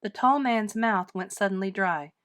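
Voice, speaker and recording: A woman reading a children's storybook aloud with dramatic, expressive narration. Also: medium pitch, moderate pace. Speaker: storybook reader. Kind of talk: children's book read-aloud.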